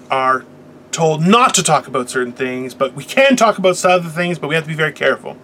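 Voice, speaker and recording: A middle-aged man hosting a casual chat, telling stories in an animated, profane way. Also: on the high side. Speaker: podcast host.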